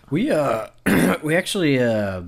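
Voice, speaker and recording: Slow, laughing podcast co-host man. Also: a little high, gravelly. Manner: laughs often, reads listener questions in a loose, joking way. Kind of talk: casual film podcast banter.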